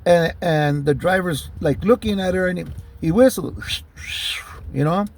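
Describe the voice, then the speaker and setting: Raspy-edged, high-pitched LA guy, swearing his way through a vlog story. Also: unhurried, darkish tone. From Southern California. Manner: heated, profane, rambling with many fillers. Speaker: vlogger telling personal stories. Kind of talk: casual storytelling monologue.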